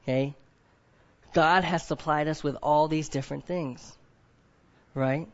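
Man, preacher, sermon, slightly high voice, muffled lo-fi recording, questions to listeners. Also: steady tone, measured pace. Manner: asks the group questions, often adds "right?"; acts out others in quoted voices. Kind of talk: sermon to a men's group.

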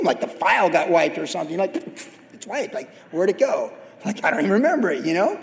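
A middle-aged man preaches casually, weaving in funny family anecdotes. His voice sits high, and a long hall reverb trails behind each phrase in the church hall. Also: a little mellow. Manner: conversational, anecdotal and humorous. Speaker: pastor. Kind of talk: sermon.

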